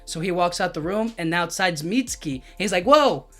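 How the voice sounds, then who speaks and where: A man's voice: high-pitched, a little fast. A man recapping a manga chapter in a loose, casual way, filling his talk with "like" and "you know what I mean", with faint music behind. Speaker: anime and manga reviewer.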